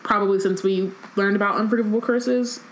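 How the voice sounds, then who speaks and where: Podcast lady reading a book out loud then chatting, lots of ums, echoey room. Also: mid-range voice, steady tone, a little fast, a little hiss or hum. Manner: chatty, uses fillers like "um" and "like". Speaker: podcast co-host reading aloud. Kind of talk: reading a book aloud and casual chat.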